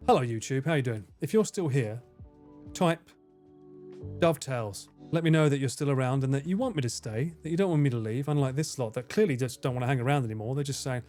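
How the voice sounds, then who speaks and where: A man's voice: mid-range voice, animated, fairly quick, a little mellow, soft background music. An English man chatting casually on a live stream while gaming, swearing freely and laughing often. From England.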